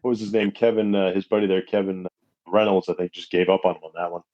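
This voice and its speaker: Low mellow guy musing on a podcast, kinda dull lo-fi sound, dry. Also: steady tone, fast talker, no room sound. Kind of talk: casual chat.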